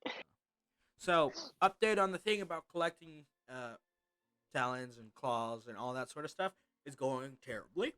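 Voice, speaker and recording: A man's voice: mid-range voice, lively intonation, moderate pace, sharp tone, clear, resonant tone, no echo. A man running a tabletop game as game master over voice chat, rambling and loose with many fillers. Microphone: headset or desk mic on a voice call.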